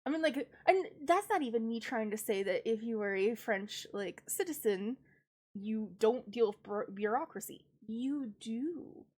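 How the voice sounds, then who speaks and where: A woman from the United States, stuffy and congested with a cold, rants wryly through a casual live-stream chat. Her voice sits a little high, and laughter keeps breaking into the grumbling. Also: animated, normal speed, a little mellow. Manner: ranting, wry, laughs often.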